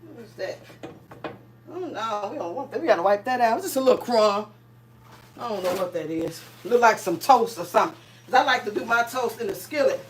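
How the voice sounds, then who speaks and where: Woman livestream host, high-pitched, talkative and laughing, cooking as she chats with viewers. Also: expressive, fairly quick. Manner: chatty, laughs often, reads out viewer comments. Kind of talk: casual livestream chat while cooking.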